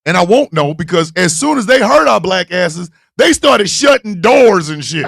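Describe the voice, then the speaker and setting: A man hosting a podcast, telling a comic story in a lively, profane way and acting out the voices of the people in it. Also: sits high, unhurried, vocal fry, breathy edge. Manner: animated, profane, acts out voices in his stories. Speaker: podcast host. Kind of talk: comedic storytelling.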